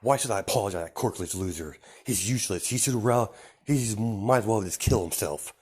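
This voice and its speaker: A man's voice: fairly low pitch, brisk, a little mellow, slightly rough. A man voicing a cruel, sneering bully of a boy. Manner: sneering, contemptuous.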